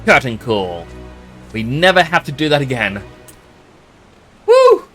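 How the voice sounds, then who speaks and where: A man's voice: mid-range voice, sing-song, normal speed, pushed and bright, soft background music. Upbeat Australian man streaming a game. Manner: chatty, upbeat, thanks viewers. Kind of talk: casual live game commentary.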